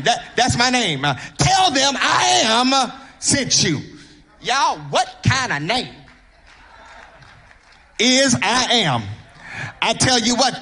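A man with a Mississippi accent preaching a sermon in a church, with rhythmic whooping, shouted lines and sing-song cadences. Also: very high-pitched. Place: church sanctuary.

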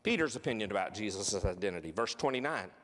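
A man preaching a sermon earnestly, slowing down for emphasis and repeating key phrases. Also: lowish voice, animated, in a large hall. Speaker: pastor.

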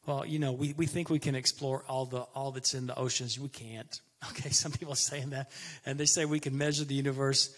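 Raspy, bright-voiced man preaching. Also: mid-range voice, steady tone, moderate pace. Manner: emphatic, repeats phrases, conversational preaching. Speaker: pastor. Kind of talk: sermon.

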